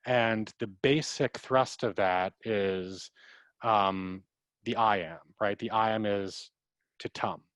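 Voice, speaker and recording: A dramaturg answering audience questions on a video call, in a thoughtful, chatty way that repeats words and taps out verse rhythms aloud. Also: male voice, lowish voice, fairly bright tone, no echo.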